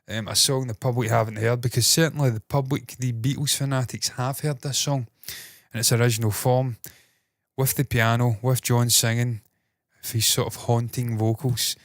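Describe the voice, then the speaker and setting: A man's voice: medium pitch, no room sound. Male host with a put-on Scottish accent, mid-range voice, loose sweary commentary, slight chesty cough, dry room. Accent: mock Scottish, put on. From Britain. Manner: swears freely, rambling and enthusiastic. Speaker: entertainment news host. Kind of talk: casual news commentary.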